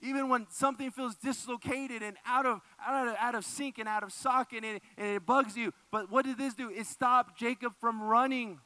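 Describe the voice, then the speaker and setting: A man preaching a sermon, emphatic and repeating phrases for effect, often dropping low and soft. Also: steady tone, normal speed, few pauses, no room sound. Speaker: pastor.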